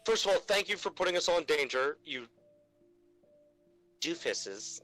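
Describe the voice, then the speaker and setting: A man's voice: a little high, lively intonation, normal speed, pushed and bright, soft background music, rough recording. A young man on a podcast, ranting in casual chat about customers at work. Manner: exasperated ranting, mock voices for customers. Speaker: podcast co-host. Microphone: remote call mic.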